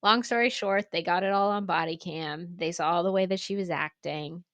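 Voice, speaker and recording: Brief: woman co-host, casual animated storyteller with a blunt, profane streak; dry room. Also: fairly low pitch, moderate pace, no echo, lo-fi sound. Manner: animated, swears freely. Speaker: pottery studio co-owner and podcast host.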